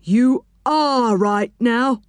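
A woman voicing a stern male policeman in a storybook, speaking slowly and solemnly. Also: on the high side, smooth, dry recording, studio quality.

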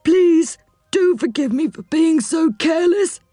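Lady putting on a meek little storybook tinker man, sorry for himself, high soft voice, dry sound. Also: animated, a little slow, no room sound, soft background music. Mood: apologetic. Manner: small, apologetic voice. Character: clumsy remorseful Saucepan Man, male.

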